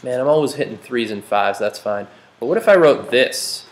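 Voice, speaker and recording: A man's voice: medium pitch, lively intonation, moderate pace. A man teaching a math class, joking and quizzing his students as he works problems. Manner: playful, jokey, asks the class questions. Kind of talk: classroom lecture.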